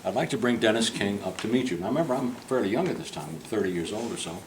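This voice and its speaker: On a tour of a club, an older portrait painter entertains the group in the room with a long, digressive, funny anecdote, mimicking the voices he quotes. He speaks quickly and expressively on the low side, and the low-quality recording has a little hiss or hum.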